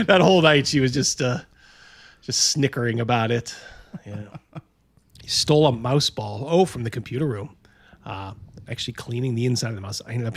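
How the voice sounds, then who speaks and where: A middle-aged man hosting a casual chat, telling stories animatedly and acting out other people's voices. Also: medium pitch. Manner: animated storyteller, acts out voices. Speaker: host.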